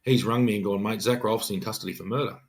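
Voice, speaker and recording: A man's voice: on the low side, fairly even intonation, quick pace. A middle-aged Australian police detective sergeant telling an emphatic, earnest story on a podcast, often acting out his own words.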